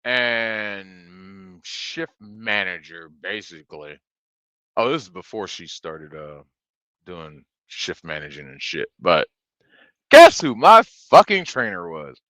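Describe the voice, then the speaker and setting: A man telling a rambling story on a stream, swearing freely and filling gaps with ums. His voice is deep and his pace is slow. The tone is bright and forceful. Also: very animated, no room sound, dull audio. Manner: profane, rambling, with many fillers. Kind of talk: casual storytelling chat.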